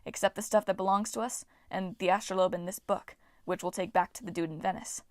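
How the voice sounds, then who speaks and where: A woman voicing a cocky, joking teenage boy who talks wryly and a bit lower. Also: steady tone, fairly quick, dry recording, clean studio sound, lightly acted. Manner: wry, joking.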